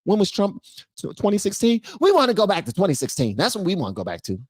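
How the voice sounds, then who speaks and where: Dude ranting on his livestream, lots of slang, pitch all over, super dry mic. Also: wildly swooping pitch, fast talker, no echo. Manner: slangy, loud outbursts, rhetorical questions. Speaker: live-stream political commentator. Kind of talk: live-stream reaction commentary.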